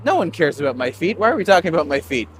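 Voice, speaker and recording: A man's voice: on the high side, big pitch swings, racing, slight background noise. A man from Canada, a tour guide, chatting and joking while walking uphill outdoors. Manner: joking and chatty, laughs often. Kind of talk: casual chat while walking.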